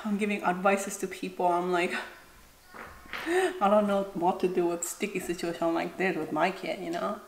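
A woman in her thirties, a mother giving casual advice while eating on her vlog. She talks in a chatty, animated way and keeps acting out other people's lines. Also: fairly low pitch, moderate pace, creaky, slight background noise. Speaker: mukbang and recipe vlogger, mother. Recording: roomy echo with clattering dishes.

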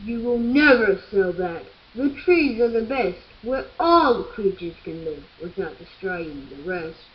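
A woman's voice: mid-range voice, lively intonation, unhurried, few pauses, lo-fi sound, slight background noise, lightly acted. A woman voicing a stern male forest guardian spirit in a storybook tale, speaking solemnly and pleading.

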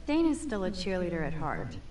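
A woman's voice: lowish voice, wildly swooping pitch, fairly quick, darkish tone. A woman voicing a wry, self-deprecating young female student in a video game, speaking in dry muttered asides. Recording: distant game audio, faint noise.

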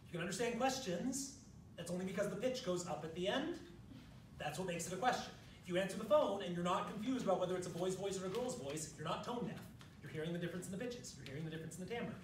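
A man's voice: sits high, lively intonation, fast, slight background noise. A man presenting a music education workshop, explaining step by step and demonstrating on piano. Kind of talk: workshop lecture. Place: large room at a professional development session. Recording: echoey room, distant mic, piano.

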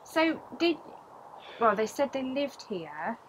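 A woman's voice: a little high, big pitch swings, takes it slowly, a little hiss or hum. Chatty woman calling out questions. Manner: chatty, questions spirits directly. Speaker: paranormal investigator. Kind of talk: casual on-location chat.

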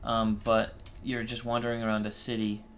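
A man's voice: fairly low pitch, monotone, moderate pace, fairly bright tone. A man casually commenting on a game he's playing with friends, laid-back and swearing when startled. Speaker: let's play host.

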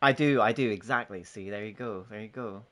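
A man's voice: on the low side, fairly quick, a bit bright. A man casually chatting on a gaming live stream, joking, swearing and laughing often as he banters with friends and chat.

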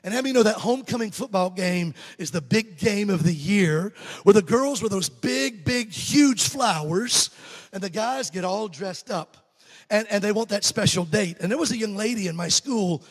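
A man in his fifties from Alabama, an evangelist with a Southern American accent, preaches a humorous story to his congregation in a church sanctuary, joking with them as he goes. His high, expressive voice is slightly rough, at normal speed, echoing in a large hall.

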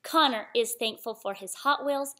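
A woman's voice: on the high side, moderate pace, sharp tone. A woman hosting a children's story channel, reading a picture book aloud in a sing-song manner and asking the young listeners questions.

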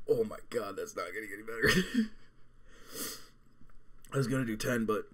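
A man's voice: mid-range voice, moderate pace, pauses often, fairly bright tone. A man in his twenties chatting casually as a vlog host while suffering through a hot pepper. He is teary and burning, groaning, swearing and breaking off mid-sentence. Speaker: gaming channel host.

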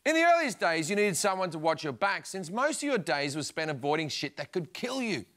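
Blunt Australian man, high voice. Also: a little fast, very noisy. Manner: blunt, profane, deadpan delivery. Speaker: stand-up comedian. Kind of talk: stand-up comedy set. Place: comedy stage before an audience.

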